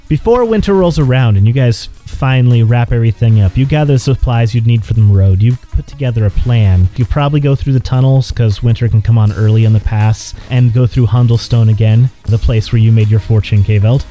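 Casting note: a mellow-voiced man as game master and host, narrating a campaign recap earnestly, with faint music underneath. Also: mid-range voice, brisk, hardly any pauses, highs cut off. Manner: earnest, grateful.

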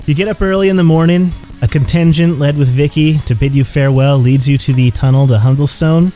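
Casting note: a mellow-voiced man as game master and host, narrating a campaign recap earnestly, with faint music underneath. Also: on the high side, steady tone, fairly quick. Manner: earnest, grateful.

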